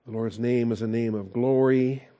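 A man's voice: medium pitch, steady tone, moderate pace, dark tone, highs cut off. A male pastor preaching a sermon in a conversational way, with fillers and rhetorical questions.

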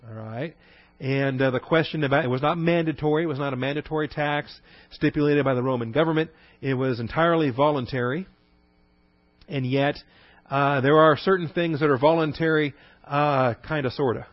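A man's voice: on the high side, a little fast, no echo. A middle-aged man teaches a Bible lesson conversationally, explaining Greek terms with many fillers and frequent "all right?" check-ins. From Texas. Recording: dry, slightly dull recording.

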